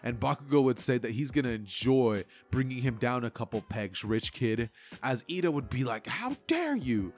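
A man's voice: mid-range voice, moderate pace, soft background music. A young man narrating a fan-made anime what-if story in a casual, rambling way.

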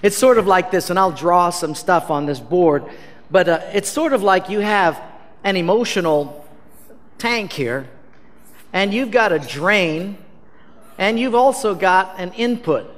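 High-voiced pastor preaching in a reverberant hall. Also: male voice, a little slow. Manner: animated, self-mocking storyteller acting out dialogue. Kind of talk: storytelling sermon.

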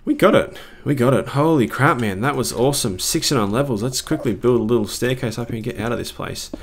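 A man's voice: medium pitch, quick pace, vocal fry. A man commentating his own gameplay live, swinging between panic and cheering. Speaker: gaming video creator.

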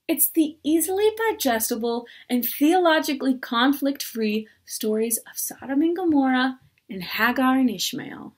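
A woman's voice: high-pitched, expressive, moderate pace, hardly any pauses. A woman preaching a sermon at a church service, conversational and earnest, with playful asides.

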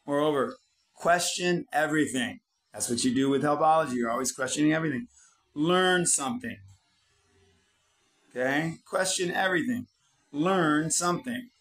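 A man's voice: fairly high pitch, moderate pace, pauses often, fairly bright tone, low-quality recording. A man delivering a blunt motivational monologue, swearing constantly and preaching at the listener like a self-styled prophet. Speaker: channel host.

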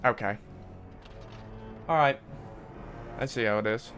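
A man's voice: mid-range voice, takes it slowly, a bit bright, faint music behind. A man streaming a video game, trash-talking the characters in mock outrage. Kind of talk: casual gameplay commentary.

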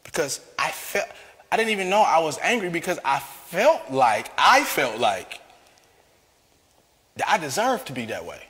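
A man giving a personal testimony as a guest, an animated talker who laughs often. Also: a little high, a little slow, big-room sound. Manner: lively, laughs often, calls himself a talker.

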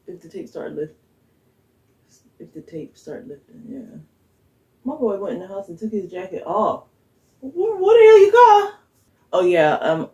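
A vlogger chats casually with her viewers from her home kitchen, rambling as she thinks out loud and chuckling frequently. Her voice is low and warm, and the recording is rough.

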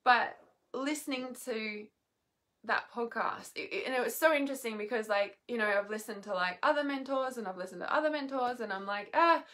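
A tired woman venting at home from her bed, with a slightly high voice. Her talk is raw and restless, full of swearing, trailing off and restarting. She sounds emotionally worn. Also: a little fast, a bit bright. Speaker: healer and mentor vlogger. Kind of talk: emotional unscripted monologue.

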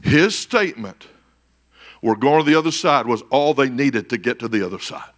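A man preaching a conference sermon as pastor, swinging between shouted peaks and hushed, quiet passages. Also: mid-range voice, lively intonation, normal speed. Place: church conference stage.

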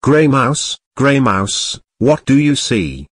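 A man reads long strings of random words, dropping into a sing-song picture-book rhyme now and then. His pitch moves up and down a great deal. The sound is dry and close-miked. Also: very animated, takes it slowly, husky, dry recording. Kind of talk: reading random word-salad narration.

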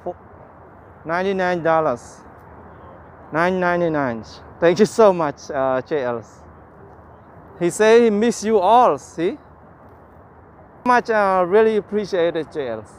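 High-voiced man chatting slowly on a livestream. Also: expressive, slight background noise. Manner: cheerful, chatty, thanks viewers by name; simple broken English. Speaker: livestream walking-tour host. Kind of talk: casual live-stream chat. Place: outdoors in a city park by the waterfront.

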